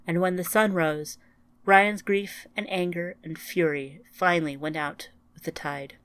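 A woman reads a short story aloud in a measured, even way, as the podcast's narrator. Her voice sits low, and the recording is dry and close with no room sound. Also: no echo. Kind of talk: scripted narration.

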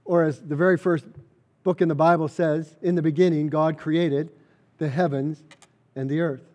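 A man's voice: a little high, steady tone, normal speed, a little mellow, muffled recording. A man preaching a sermon, earnest and emphatic, repeating key phrases for weight. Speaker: pastor.

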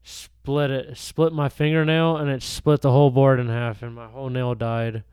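A man's voice: medium pitch, flat delivery, moderate pace, a little mellow, smooth, no room sound. A young man co-hosting a podcast, chatting casually in a blunt, profane way. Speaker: podcast co-host.

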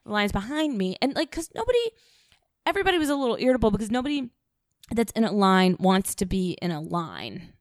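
A woman's voice: medium pitch, very animated, quick pace, dry recording. Young woman podcast co-host, casual profane storyteller, dry close sound. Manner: blunt, profane storytelling with quoted dialogue. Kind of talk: casual chat.

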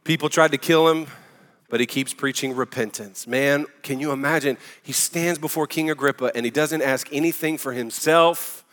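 A man preaching a sermon in an energetic, emphatic, conversational way. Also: fairly high pitch, normal speed, big-room sound. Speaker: pastor.

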